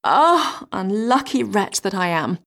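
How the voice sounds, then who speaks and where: A woman's voice: medium pitch, big pitch swings, measured pace. Woman reading as a scornful young princess. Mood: lamenting. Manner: scornful and lamenting. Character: proud, mocking young princess, later complaining.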